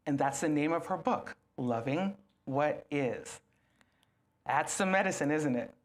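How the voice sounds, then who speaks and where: Animated woman speaking to an audience. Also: low-pitched, a little slow. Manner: animated, questions the audience, acts out little scenes. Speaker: guest speaker. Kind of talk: lively talk to a live audience.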